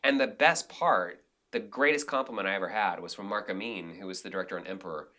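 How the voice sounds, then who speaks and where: A man talks as a podcast guest, telling stories in an animated, rambling way full of restarts. His voice sits somewhat low but comes through bright and forceful. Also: quick pace. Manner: animated storyteller, many restarts and "like"s. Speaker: guest, director and actor. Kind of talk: casual interview storytelling.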